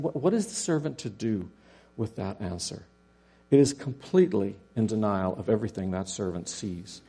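Male preacher, low gravelly voice, dark and husky, animated storytelling, faint mains hum. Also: moderate pace. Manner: animated storytelling with dramatic rhetorical questions. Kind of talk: sermon.

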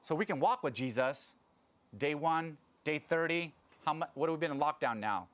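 A man giving a sermon as a pastor, talking casually and acting out quotes in a louder voice. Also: fairly high pitch, moderate pace. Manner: conversational, animated preaching with sudden loud acted quotes.

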